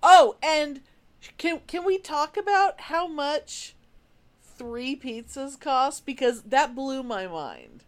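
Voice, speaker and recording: High, slow-talking woman cursing along. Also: expressive. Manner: slow, laughing, cursing in agreement. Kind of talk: casual chat.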